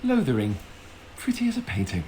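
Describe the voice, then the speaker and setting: A man's voice: mid-range voice, huge pitch swings, a little fast, a crowd in the background, poor audio. An actor playing an earnest, self-deprecating young male warrior in a video game.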